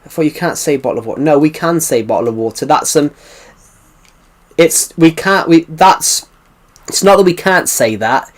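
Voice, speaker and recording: Responding to his chat, a British livestreamer from the United Kingdom talks casually and rambles, repeating himself as he circles back. He sounds animated, his voice a little high, his speed normal.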